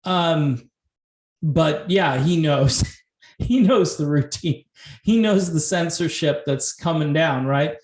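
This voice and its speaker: A man's voice: a little high, slow, a little mellow, echoey room. A man hosting his own music commentary channel, talking casually and animatedly, laughing often and throwing in rhetorical asides.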